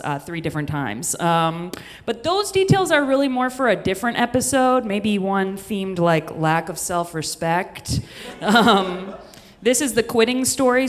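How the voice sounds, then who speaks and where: A woman from the Midwest telling a comedic story on stage, chatty and self-deprecating, with rambling asides. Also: fairly low pitch. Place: stage in a venue with an audience. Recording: long hall reverb.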